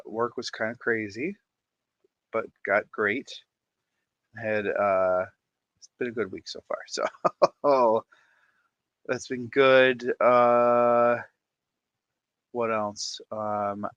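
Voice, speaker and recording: A man's voice: lowish voice, fairly even intonation, drawn-out words, long pauses, fairly bright tone, smooth, no room sound, muffled recording. A man hosting an aquarium channel, chatting to camera in a playful, jokey way, with showman hype and frequent laughs. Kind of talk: casual chat to camera.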